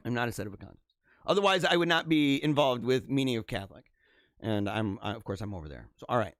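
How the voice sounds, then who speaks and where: Animated rambling man hosting a live stream. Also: mid-range voice, fast talker, no echo, clean studio sound. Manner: rambling, animated, laughs often. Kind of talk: casual live-stream commentary. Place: home basement studio with green screen.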